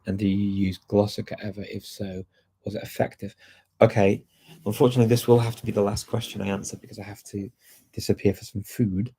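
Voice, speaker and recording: A man hosting a casual live question-and-answer session on language learning, relaxed and chatty with frequent ums and restarts. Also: fairly low pitch, brisk, husky.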